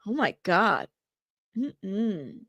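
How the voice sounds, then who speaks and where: A woman's voice: medium pitch, sing-song, very slow, fairly bright tone, dry recording, clean studio sound. A woman hosting a casual live stream, chatting, reacting to viewers and laughing. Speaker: host of live trial coverage stream.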